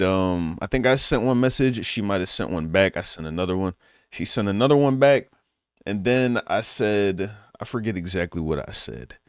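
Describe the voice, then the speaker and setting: A man's voice: fairly low pitch, no room sound, studio quality. A young man, a vlogger, telling a casual story in a laid-back, slangy way and acting out both sides of a conversation.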